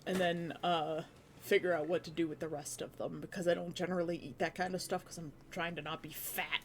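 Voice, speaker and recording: A woman's voice: on the low side, level tone, brisk, a little hiss or hum. A young woman from Canada, chatting casually with her stream chat in a rambling way, full of restarts.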